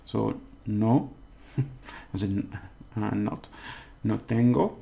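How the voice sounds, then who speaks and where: A man teaching a casual language lesson, patiently breaking down words and slowly overpronouncing the examples. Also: fairly low pitch, creaky, dark tone.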